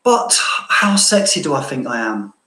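A man from southeast London with a London accent softened by Cambridge, chatting casually and self-mockingly to viewers as he answers their questions, laughing often. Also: mid-range voice, big pitch swings, normal speed, roomy sound, poor audio. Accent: London with a bit of Cambridge. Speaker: fragrance vlogger.

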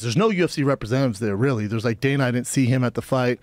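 A man's voice: medium pitch, quick pace, dry recording. A man in his thirties, a podcast guest in a casual chat, telling a story with energy and acting out what each person said. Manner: animated storyteller, acting out quoted exchanges.

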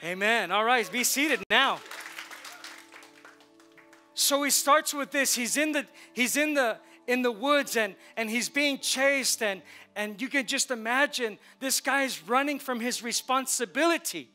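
A man with a high, bright voice preaches from the pulpit, leading the congregation in call-and-response. He drives his points home with emphatic repetition, and soft instrumental music plays under him in the church. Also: measured pace, a faint crowd. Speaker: pastor. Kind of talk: sermon. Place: church sanctuary.

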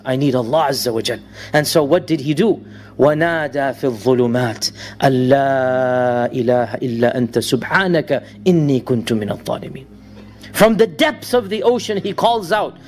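Man preaching with dramatic swings. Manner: dramatic storytelling, swings between raised and low solemn tones; recites Arabic verses fast. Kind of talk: sermon.

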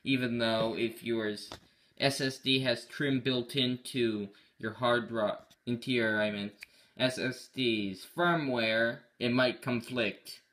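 Bright-voiced man rambling through a tech demo. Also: medium pitch, fairly even intonation, takes it slowly. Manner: rambling, self-correcting, offhand. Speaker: tech channel host. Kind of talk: casual screen-recorded tech walkthrough.

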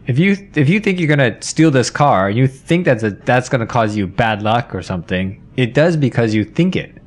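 A man co-hosting a casual podcast, asking questions in a halting way and rephrasing as he goes. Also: medium pitch, big pitch swings. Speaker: podcast co-host.

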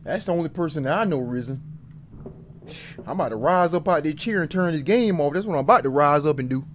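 A man's voice: on the high side, animated, quick pace, slight background noise. Jittery man talking back to a horror game. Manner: jittery, talks back to the game, insists he is not scared; swings between loud outbursts and muttering. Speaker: gaming streamer.

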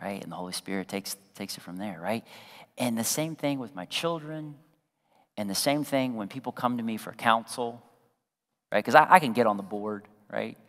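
A man's voice: medium pitch, animated, normal speed. Preaching pastor man in a reverberant hall. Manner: conversational preaching with asides to the congregation and acted quotes; drops to a soft, hushed voice for quoted prayerful words. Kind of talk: sermon.

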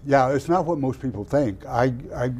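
Speaking at a moderate pace in a medium pitch, an older Oklahoman and ex-football player spins animated stories for an interviewer. He laughs at himself along the way.

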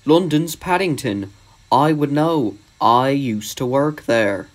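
A man's voice: mid-range voice, expressive, slow. A man voicing a stubborn small male tank engine in a storybook reading, indignant and insistent.

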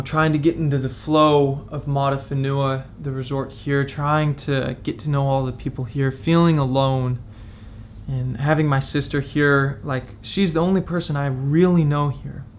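A man's voice: mid-range voice, steady tone, normal speed, a little hiss or hum. A young man in his twenties opening up in a confessional vlog, candid and reflective, talking as if close to tears. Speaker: vlogger.

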